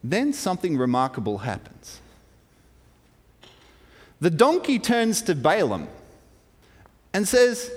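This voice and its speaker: A man retelling a Bible story in a lively, playful way, with humorous asides. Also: sits high, measured pace, long pauses. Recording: long hall reverb.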